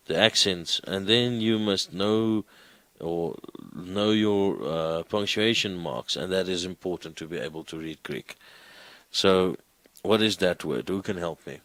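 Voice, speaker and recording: A man's voice: low-pitched, fairly bright tone, no echo, low-quality recording. A man teaching a Greek class, coaxing students with questions. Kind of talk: classroom lecture.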